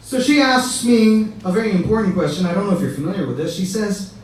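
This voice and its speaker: Young male stand-up, chatty, checks in with the crowd constantly, higher voice, distant mic, faint room noise. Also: fast talker, a little mellow, very echoey. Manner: conversational, keeps asking "right?". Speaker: stand-up comedian. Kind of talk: stand-up routine. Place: comedy stage with live audience.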